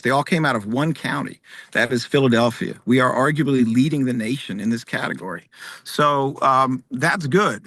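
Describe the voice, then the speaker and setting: A man's voice: mid-range voice, a bit bright, no echo. Confident man, dry close sound. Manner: confident, uses rhetorical questions. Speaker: candidate at a forum. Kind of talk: debate answer. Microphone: video call.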